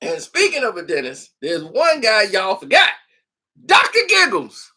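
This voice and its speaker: A man's voice: high-pitched, huge pitch swings, a little slow, sharp tone. A man from Chicago hosting a casual horror movie livestream, laughing often and acting out scenes as he talks.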